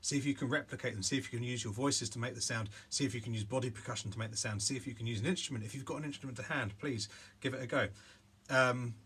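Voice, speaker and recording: A man's voice: medium pitch, fast talker, a bit bright, breathy edge. A man teaching a remote music lesson, talking casually and thinking aloud with lots of fillers. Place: home room with instruments and loop pedal.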